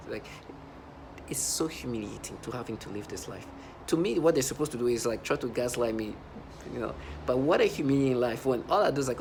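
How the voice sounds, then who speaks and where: A man delivering an agitated, repetitive monologue for a video, swinging between low muttering and loud outbursts. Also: fast, slight background noise. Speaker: vlogger.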